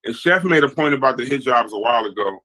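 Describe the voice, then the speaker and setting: A man's voice: mid-range voice, quick pace, low-quality recording. A man hosting a podcast debate, reading viewer comments from the chat and jumping between points. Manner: animated, reads chat comments aloud. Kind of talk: heated casual debate.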